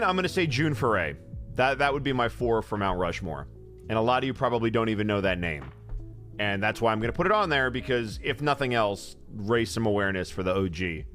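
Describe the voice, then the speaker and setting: A male voice actor in a casual live question-and-answer chat while signing autographs. He talks in a joking, animated way and often jumps up in pitch.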